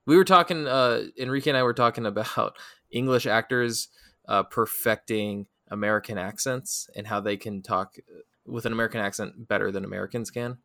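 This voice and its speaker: A man with a slightly low voice talks through a movie in a loose, unhurried review chat, pausing often on fillers. The sound is dry and close, with no room around it. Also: vocal fry, no echo. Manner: relaxed, halting with many fillers. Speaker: podcast co-host.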